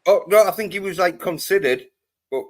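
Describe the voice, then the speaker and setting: A man's voice: high voice, lively intonation, fairly quick. Rambling Scottish man who swears freely. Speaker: panel guest. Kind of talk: casual chat.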